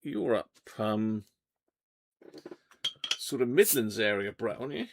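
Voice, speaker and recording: Bloke on a livestream, bit of fry in his voice, chatty and jokey. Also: lowish voice, big pitch swings, a little slow, noisy background. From Devon, England. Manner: chatty, jokey, reads out viewer comments. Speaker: livestream host. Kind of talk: casual live chat. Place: home radio workshop.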